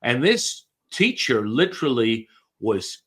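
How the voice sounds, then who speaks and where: A man telling a lively story as a podcast guest, talking casually, swearing, repeating words and restarting sentences often. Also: medium pitch, moderate pace.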